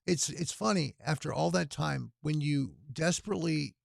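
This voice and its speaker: A man's voice: a little high, normal speed, gravelly, dry recording, clean studio sound. A sleep-deprived man hosting a long livestream telethon, chatting to viewers and muttering to himself while he types at his computer. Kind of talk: casual livestream chat to viewers.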